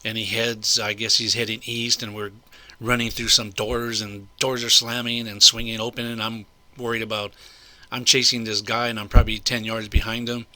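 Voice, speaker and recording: Older man, low voice, sharp and forceful, rambling indignant storytelling. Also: little pitch movement, normal speed. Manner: rambling and indignant, with repeated asides. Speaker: vlogger recounting a personal incident. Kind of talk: casual spoken storytelling.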